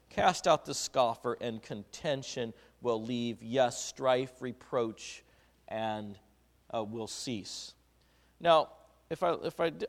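Middle-aged male preacher, gravelly and conversational, questions the congregation; long hall reverb. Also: medium pitch. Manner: conversational, asks the congregation questions, acts out quotes. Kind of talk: sermon.

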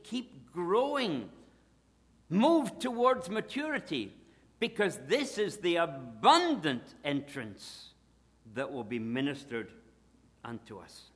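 A man delivers a sermon slowly and deliberately, his pitch rising and falling with real animation. He swings between loud, emphatic declarations and hushed asides. His voice carries a long reverb, as if in a large hall. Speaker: preacher.

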